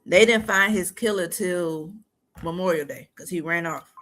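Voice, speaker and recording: A woman's voice: on the low side, normal speed, fairly bright tone. A young woman telling her own story of surviving a shooting in a blunt, matter-of-fact way. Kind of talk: candid personal story.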